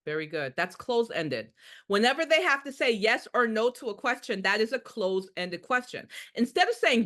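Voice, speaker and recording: Emphatic bright-voiced woman teaching nurses. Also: medium pitch, sing-song, brisk. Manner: emphatic, repeats key points, rhetorical questions. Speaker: nursing instructor. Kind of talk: live quiz review lesson.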